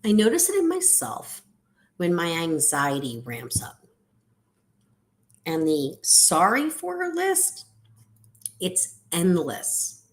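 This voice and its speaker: A middle-aged woman coaching on a podcast, her voice low for a woman yet swinging widely in pitch. She talks unhurriedly, rising into high lifts and sinking to near whispers. The monologue feels reflective and personal. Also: slow pace, long pauses. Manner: lively, sing-song delivery with sudden high lifts and drops to near whisper. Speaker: ADHD coach.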